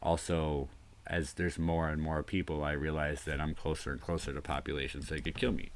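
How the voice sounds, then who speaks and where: Deep-voiced man musing on a livestream. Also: flat delivery, brisk. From US northeast coast. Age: 30s. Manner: rambling, musing, drops to mutters. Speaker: livestream host. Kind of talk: solo livestream talk.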